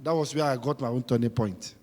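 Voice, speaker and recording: A man preaching a sermon, emphatic and repetitive, swinging between shouting and quiet talk. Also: mid-range voice, fairly quick, big-room sound.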